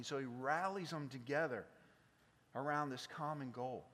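A man with a South Mississippi accent preaching a sermon, swinging between loud passion and hushed intensity. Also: medium pitch, a little slow, big-room sound. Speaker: pastor.

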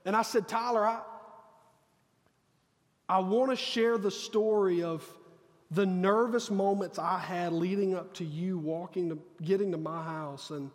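A pastor speaks with a fairly high voice, telling a personal story in a sermon. He acts out quoted dialogue with earnest feeling. His voice carries the long reverb of a large church. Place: church sanctuary.

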